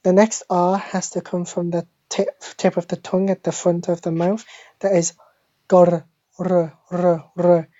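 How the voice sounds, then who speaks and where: A woman giving a deadpan parody language lesson, speaking slowly and deliberately and repeating each word like a teacher. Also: on the low side, dry recording. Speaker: mock French teacher. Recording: dull lo-fi phone screen recording.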